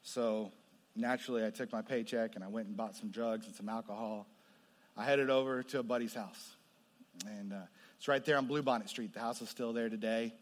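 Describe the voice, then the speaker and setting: A man preaching a testimony sermon, moving between hushed storytelling and loud, impassioned passages. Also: lowish voice, steady tone, a little fast. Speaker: pastor. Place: large hall with audience. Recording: long hall reverb.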